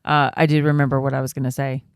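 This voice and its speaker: A woman's voice: rumbling low, level tone, racing, smooth, dry recording, studio quality. A woman in her thirties co-hosting a podcast, telling stories in casual chat with lots of fillers and laughter. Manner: storytelling, laughs often, many fillers. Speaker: podcast co-host.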